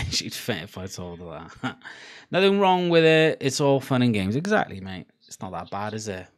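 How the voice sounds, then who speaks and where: A man's voice: on the low side, big pitch swings, moderate pace. A young man with a Cardiff Welsh accent, rambling and swearing freely as he chats casually to his livestream viewers. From Wales. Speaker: livestream host.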